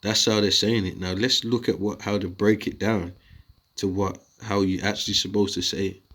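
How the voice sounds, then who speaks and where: A man with a somewhat low voice talks through a scripture lesson in a loose, unscripted way. He rambles and turns combative, tossing in slang as he goes. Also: flat delivery, moderate pace, a bit bright. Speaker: video teacher.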